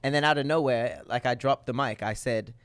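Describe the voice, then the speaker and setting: A man co-hosting a podcast, telling a story in an animated, joking way. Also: medium pitch, a little fast, clear, resonant tone. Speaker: podcast co-host. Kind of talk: casual chat, storytelling.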